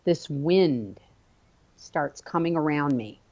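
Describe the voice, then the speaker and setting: A woman guest telling a personal story in an animated, expressive way during a conversation. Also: low-pitched, slow pace, highs cut off.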